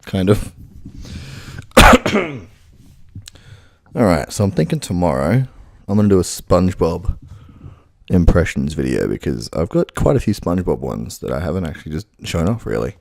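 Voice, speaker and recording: A man's voice: deep voice, big pitch swings, fairly quick, gravelly, dark tone, dry recording. A man rambling and swearing to himself in a casual practice session at home, right up on a close microphone. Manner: rambling, swearing self-talk. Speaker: impressionist youtuber. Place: room at home.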